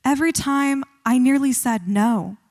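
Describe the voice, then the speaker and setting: A young woman student reading her poem on stage in a measured, calm way. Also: high-pitched, long reverb tail. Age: young adult. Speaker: student poet. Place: concert hall stage.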